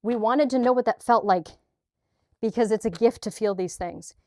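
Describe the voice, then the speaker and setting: A woman's voice: on the high side, normal speed, warm tone, dry recording, studio quality. A woman talking straight to her viewers in a heartfelt spiritual vlog, earnest and gushing, sweaty and a little choked up. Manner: earnest, gushing, with restarts and filler. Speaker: spiritual vlogger. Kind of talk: heartfelt direct-to-camera vlog.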